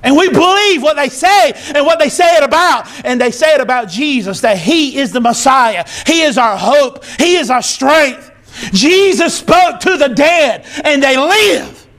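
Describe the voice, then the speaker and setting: High-voiced male pastor preaching emphatically. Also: animated, unhurried. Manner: emphatic, repeating short phrases, rising to shouts. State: teary, emotional. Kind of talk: sermon. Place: church.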